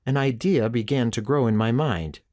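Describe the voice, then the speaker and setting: Narrating in the first person, this man reads an audiobook with steady, measured pacing. His voice falls in the mid-range.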